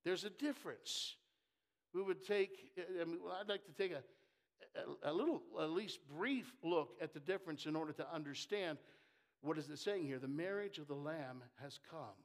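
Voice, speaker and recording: Animated high-voiced male preacher. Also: normal speed. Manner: animated, swings between loud emphasis and soft asides; jokes with the congregation. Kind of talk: sermon.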